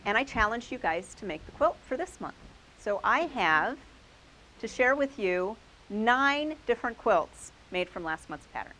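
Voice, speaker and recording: A woman's voice: on the high side, big pitch swings, unhurried, pushed and bright, poor audio. A woman hosting a quilting class, showing quilts to a live group and praising each one with enthusiasm. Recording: faint hiss.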